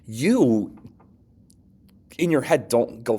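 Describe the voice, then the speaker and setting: Male teacher, lowish voice, relaxed conversational lecture delivery, acts out quick examples. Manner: conversational, frequent okays and restarts, acts out quoted lines. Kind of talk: casual classroom lecture.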